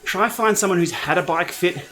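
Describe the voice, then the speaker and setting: A man's voice: high-pitched, moderate pace, sharp tone. A man with an Australian accent hosting a casual cycling livestream, chatting in a laid-back way and answering viewer comments as he rides. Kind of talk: casual livestream chat while riding. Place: home training room.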